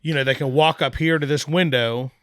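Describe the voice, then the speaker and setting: A brewery owner appearing as a podcast guest tells a long story in casual, animated talk, voicing the people he quotes and swearing casually. His voice is a little high and fairly quick, recorded at studio quality with no echo.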